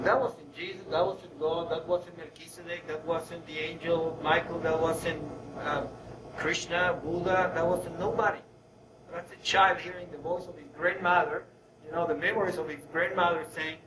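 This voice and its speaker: Man, guest lecturer, reflective and halting, distant mic, noisy background. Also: on the high side, steady tone. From Egypt. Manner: halting, searching for words. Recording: echoey room, far from mic, noisy.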